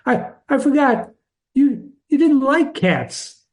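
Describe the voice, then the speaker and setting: A man's voice: very high-pitched, lively intonation, fairly quick, pitched above the performer's own voice. A flustered, apologetic young girl from a storybook, speaking hastily in a raised, lighter voice, as a man reading aloud puts her on. Polite and a little breathless with embarrassment. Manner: hasty, apologetic.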